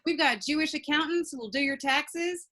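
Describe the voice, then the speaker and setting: A young woman performing a stand-up comedy set with punchy, deadpan delivery, laughing at her own jokes. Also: high voice, normal speed, crowd noise, poor audio.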